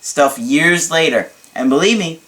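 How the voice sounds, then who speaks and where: A man's voice: a little high, lively intonation, a little slow, a bit bright. A man working as a relationship coach, reading a viewer's letter aloud and answering it. He jokes and laughs at himself, then turns earnest when he explains. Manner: joking and self-mocking, laughing at his own asides.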